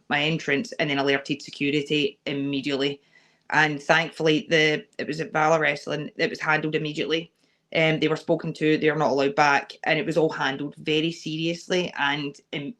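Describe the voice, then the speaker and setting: A woman's voice: low-pitched, fairly bright tone. A young adult Scottish woman, a wrestler guest on a podcast interview, speaking candidly and earnestly with frequent fillers. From Scotland.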